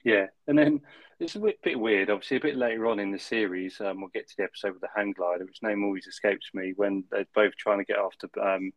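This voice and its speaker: A man's voice: on the low side, quick pace, dry recording. A man, co-hosting a casual podcast chat, chatty and swearing freely as he retells scenes. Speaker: podcast co-host.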